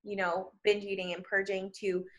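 A woman's voice: medium pitch, little pitch movement, normal speed. A woman guest on a podcast, speaking candidly and from the heart about her personal experience. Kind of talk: personal storytelling in conversation.

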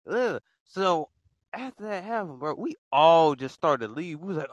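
A man's voice: on the high side, animated, unhurried, no echo. A young man in casual voice chat, talking in slang and laughing through his words. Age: young adult. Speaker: chat room participant.

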